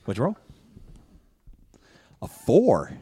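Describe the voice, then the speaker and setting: A man's voice: mid-range voice, slow pace, noisy background. A man running a tabletop game as game master, narrating loosely with fillers. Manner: animated, loose storytelling with fillers.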